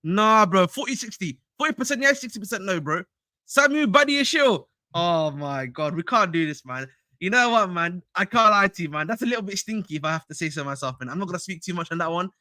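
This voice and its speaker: Young man, high bright voice, slangy livestream chat, dry close sound. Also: a little fast, no room sound. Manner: slangy, excitable, chatty with chat. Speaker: fan channel livestreamer.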